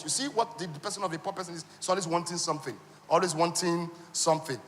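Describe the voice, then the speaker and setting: A man's voice: a little high, fast talker. Nigerian man teaching in a ringing hall. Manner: animated, quizzes the audience with call-and-response questions; teasing, humorous asides. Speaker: conference speaker teaching on wealth. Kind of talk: interactive teaching talk with slides. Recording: long hall reverb.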